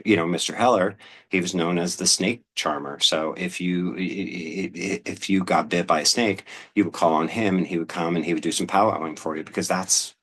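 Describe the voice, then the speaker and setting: Very deep-voiced man chatting casually. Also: normal speed, husky. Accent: Pennsylvania. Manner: relaxed, rambling, with many "um"s and restarts. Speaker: host. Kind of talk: casual talk, reading aloud from an old newspaper.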